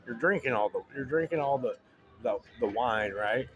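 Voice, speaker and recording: A man's voice: mid-range voice, expressive, moderate pace, a little hiss or hum. A man in a rambling, joking casual monologue, full of restarts and asides to the listener.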